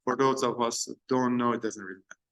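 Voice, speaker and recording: A man giving an informal university film lecture, often pausing and searching for words as he explains. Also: medium pitch, steady tone, fairly bright tone. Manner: halting, searching for words between points.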